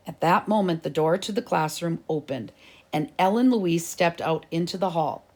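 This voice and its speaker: A woman narrating a children's chapter book aloud at an even, unhurried pace. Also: on the low side. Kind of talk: storybook reading.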